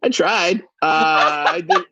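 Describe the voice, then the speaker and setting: A man's voice: a little high, takes it slowly, sharp tone, a little hiss or hum. A man, a stand-up comedian, chatting casually as a guest, laughing often and rambling with restarts, heard over a lo-fi video call. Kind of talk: casual chat. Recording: dull lo-fi call audio.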